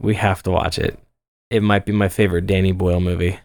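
A man co-hosting a podcast, chatting casually about films with enthusiastic, quick interjections. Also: low voice, flat delivery, a little mellow. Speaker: podcast co-host. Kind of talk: casual movie chat.

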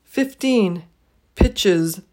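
A woman leading a pronunciation drill, saying each word twice, clearly and slowly. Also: mid-range voice, expressive, mellow. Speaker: pronunciation teacher. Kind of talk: slow, deliberate pronunciation drill.

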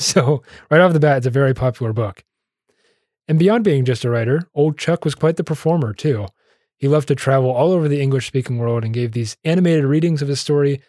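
A man's voice: mid-range voice, warm tone, no echo, clean studio sound. A man co-hosting a casual history podcast, chatty and jokey, laughing often between facts. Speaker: podcast co-host.

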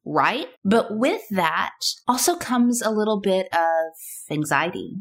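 A woman's voice: mid-range voice, animated, takes it slowly. A woman in her thirties hosting a casual solo podcast, chatty and playful, full of rhetorical questions. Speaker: podcast host.

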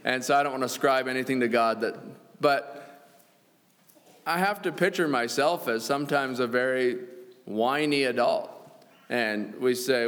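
A man's voice: medium pitch, lively intonation, measured pace, a bit bright. A man preaching a sermon, reading scripture aloud in an earnest way and chuckling now and then. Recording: long church reverb.

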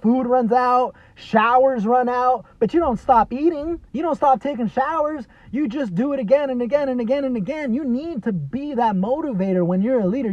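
A man's voice: extremely high pitch, dry recording. A man in his thirties hosting a podcast, talking earnestly in a motivational monologue, leaning on "you know" and "man" and repeating himself for emphasis. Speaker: podcast host. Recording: dry, slightly dull lo-fi podcast audio.

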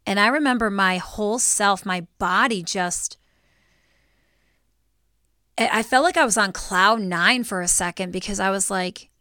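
A woman's voice: medium pitch, measured pace, long pauses, smooth, dry recording, clean studio sound. A woman co-hosting a faith podcast, telling stories with a lot of emotion. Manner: emotional, animated storytelling. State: teary. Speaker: podcast co-host. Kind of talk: casual faith talk.

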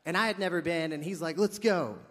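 A man's voice: fairly high pitch, fast, in a large hall. A man preaching a sermon, telling a funny story with lots of acted-out dialogue and comic asides. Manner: animated, jokey storyteller acting out dialogue.

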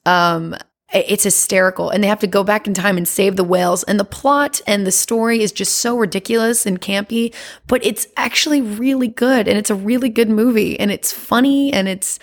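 A woman chatting as a podcast guest, animated and laughing often, with many fillers. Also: mid-range voice, moderate pace. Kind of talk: casual chat.

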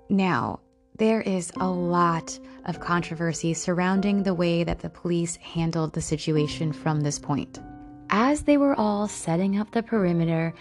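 A woman's voice: fairly low pitch, a little mellow. A woman narrating a true-crime podcast, emotional and blunt, swearing freely as she tells the story. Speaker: podcast host.

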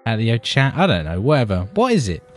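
In a casual podcast chat, a British co-host rambles and swears, calling his co-host buddy again and again while faint music plays in the background. He speaks a little fast at medium pitch, his voice swinging hugely in pitch.

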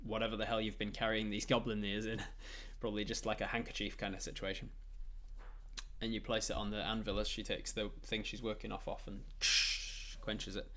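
A man's voice: on the low side, level tone, normal speed, pushed and bright, slight background noise. A man narrating a tabletop game as game master, rambling with frequent fillers and restarts.

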